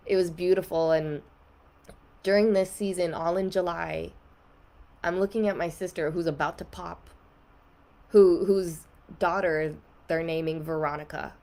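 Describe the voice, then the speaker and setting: A woman's voice: low voice, a little mellow. A young woman guest on a podcast, candidly telling an emotional personal story in a casual way, with many "like" fillers.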